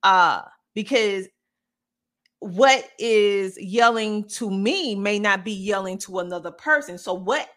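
A woman hosting a podcast with casual commentary, talking loud and animated and answering viewer comments. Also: medium pitch, slow. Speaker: podcast host.

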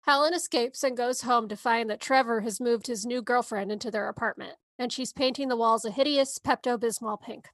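A woman's voice: a little high, fairly quick, few pauses, a bit bright, dry recording. A woman podcast co-host giving a movie synopsis in a casual, sarcastic way. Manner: sarcastic, wry asides.

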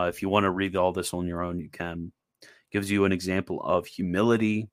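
A man's voice: deep voice, fairly bright tone, no room sound. A man teaching from a theology text in informal spoken commentary, earnest and exhorting, with many fillers and restarts. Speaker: host and teacher.

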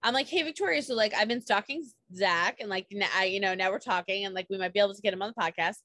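A woman's voice: medium pitch, fairly even intonation, fast, bright, forceful tone. A woman co-hosting a podcast, gushing enthusiastically and swearing casually. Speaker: podcast co-host.

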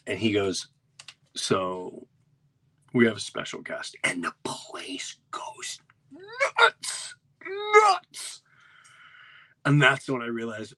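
A middle-aged man, hosting a podcast and telling an animated story, acting out quotes and dropping to hushed asides. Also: mid-range voice, breathy edge, dry recording. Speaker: podcast host.

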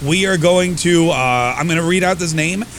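A man's voice: on the high side, normal speed, a bit bright, slight background noise. A middle-aged man hosting a talk show, sarcastic and riffing in a comedic political monologue. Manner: sarcastic, riffs with acted-out quotes and laughs. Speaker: radio talk host.

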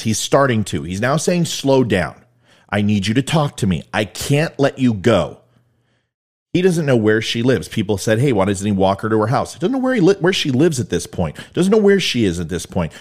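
A man's voice: mid-range voice, a little mellow. A man giving blunt, emphatic video commentary, explaining events step by step. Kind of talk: video commentary on police footage.

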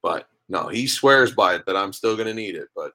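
A man's voice: low voice, lively intonation, normal speed, sharp tone. A man in his thirties, a guest on a podcast, telling a long story casually and acting out the dialogue. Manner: rambling storyteller, acts out dialogue. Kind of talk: casual interview chat.

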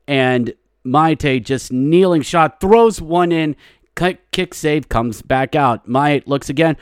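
A man hosting a podcast, giving a casual, jokey hockey recap that turns into excitable play-by-play. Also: mid-range voice, smooth, no room sound, clean studio sound. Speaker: podcast host.

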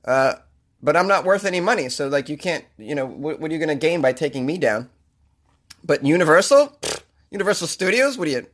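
With a Boston accent, a podcast host rambles through sarcastic riffs in a comedic monologue. His voice is fairly high and bright, expressive, and a touch quick.

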